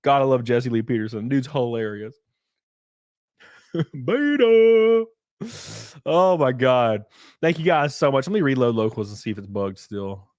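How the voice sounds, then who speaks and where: A man hosting a livestream, chatting and ranting in a blunt, profane, animated way. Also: medium pitch, normal speed, no room sound, clean studio sound. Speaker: livestream host. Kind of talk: casual livestream chat and rant.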